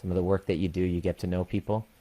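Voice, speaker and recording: Deep-voiced man telling a candid story. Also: level tone, mellow. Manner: candid, swears freely; slows down to stress key points. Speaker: coach and community leader. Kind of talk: personal story and address to a community.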